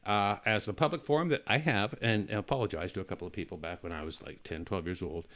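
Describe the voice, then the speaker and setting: A man's voice: lowish voice, fast, fairly bright tone. A man hosting a casual comedic talk show, rambling through jokes and stories with lots of restarts. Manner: rambling, joking storyteller with many restarts.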